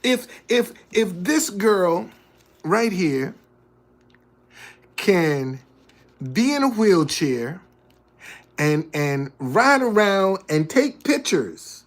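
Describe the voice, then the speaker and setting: A man's voice: high-pitched, very animated, very slow, pauses often. A man giving a motivational talk indoors in a preachy way, repeating his key lines for emphasis. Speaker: motivational speaker. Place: indoors, a hot room.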